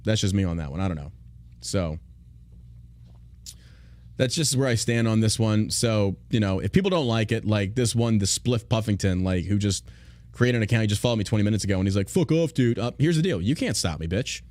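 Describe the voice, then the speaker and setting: A man's voice: lowish voice, lively intonation, a little fast, a little mellow, no echo. A man hosting a podcast, talking bluntly and profanely in a mocking, opinionated rant. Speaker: podcast host.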